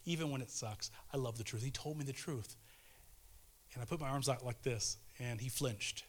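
A man in his thirties giving a casual, earnest devotional sermon, pleading with listeners and swinging between fervent urgency and hushed tenderness. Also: mid-range voice, moderate pace, a little hiss or hum. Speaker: preacher.

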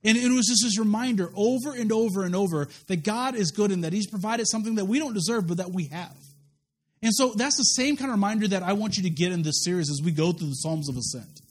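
High-voiced man preaching a story. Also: quick pace. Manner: storytelling, lively quoted voices, frequent restarts. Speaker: pastor. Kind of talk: sermon.

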